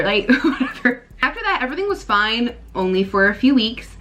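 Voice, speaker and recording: Young woman in her 20s, slightly high voice, animated casual storytime chat, talks to y'all. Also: fairly quick. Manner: animated, chatty, addresses viewers as y'all. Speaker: vlogger telling a personal story.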